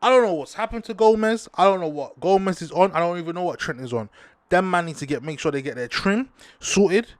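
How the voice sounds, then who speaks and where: A man's voice: brisk, dry recording. Young man, slangy football rant. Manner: animated, slangy, rants with bursts of high-pitched outrage. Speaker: football podcast host. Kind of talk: casual sports talk monologue.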